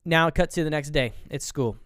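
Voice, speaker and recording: A man's voice: on the high side, a little fast, fairly bright tone, smooth, dry recording, clean studio sound. Man casually recapping a movie. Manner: retells scenes acting out characters' lines. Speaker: podcast co-host.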